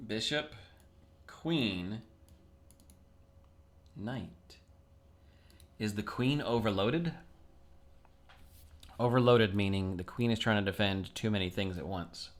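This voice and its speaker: A man's voice: lowish voice, slow pace, long pauses. A man solving chess puzzles on video, talking casually to himself and his viewers as he thinks aloud. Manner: chatty, self-talking, plain everyday tone.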